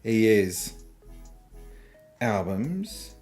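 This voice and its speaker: A man's voice: on the low side, very animated, drawn-out words, a little mellow, soft background music. A man, casually chatting and chuckling while fixing his stream setup. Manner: laid-back, chuckling, muttering while fixing tech. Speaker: streamer hosting a game stream.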